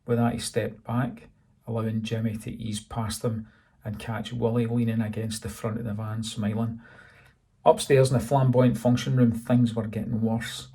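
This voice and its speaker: A Scottish author narrates his novel aloud in a steady, dry read. His voice is gravelly and dark. The pitch stays fairly flat from line to line. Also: moderate pace. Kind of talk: audiobook narration.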